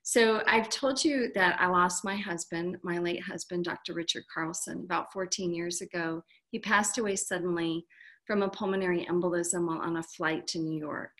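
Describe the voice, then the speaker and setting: A woman's voice: on the low side, steady tone, normal speed, a bit bright. Earnest middle-aged woman telling a story. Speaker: guest author. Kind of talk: personal storytelling.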